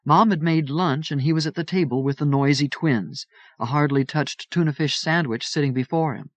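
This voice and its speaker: A man narrating an audiobook in a steady first-person storytelling voice. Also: a little high, normal speed, dry recording. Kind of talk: audiobook reading.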